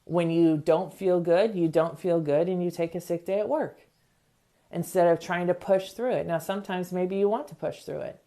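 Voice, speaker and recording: A woman's voice: on the low side, steady tone, dark tone. A middle-aged woman hosting a self-help podcast, speaking earnestly in a motivational talk and acting out short examples. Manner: earnest, acts out quick examples in voices. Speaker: podcast host.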